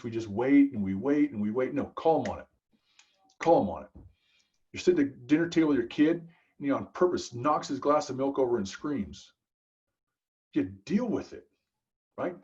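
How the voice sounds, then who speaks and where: Animated, emphatic man telling stories. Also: medium pitch, highs cut off. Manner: emphatic, preachy, frequent "dude" and "right?". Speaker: podcast guest, business consultant. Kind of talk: animated conversational storytelling.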